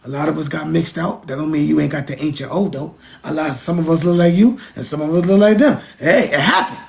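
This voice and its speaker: Speaking briskly with vocal fry, this middle-aged American man's slightly high voice carries a faint hiss or hum. As a vlogger, he rants casually in a monologue, repeating himself, preaching emphatically and cursing frequently.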